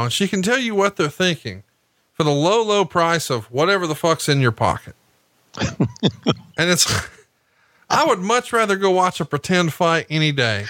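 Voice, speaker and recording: A man co-hosting a podcast, telling animated, profane stories while commenting on a match. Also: on the high side, no room sound. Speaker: podcast co-host. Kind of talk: casual commentary while watching wrestling.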